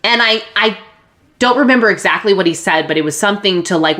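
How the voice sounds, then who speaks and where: A woman podcast host candidly telling a personal story, open and emotional, with restarts and soft laughs. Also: mid-range voice, fast talker.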